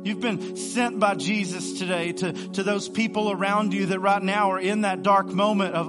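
A man preaching a streamed sermon, earnest and pleading, moving between hushed passages and fervent ones. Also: sits high, steady tone, moderate pace, few pauses, over music. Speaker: pastor. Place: streamed online service.

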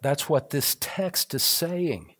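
A man's voice: fairly high pitch, animated, takes it slowly. A middle-aged man preaching a sermon as pastor, earnest and building to fervent, repetitive emphasis.

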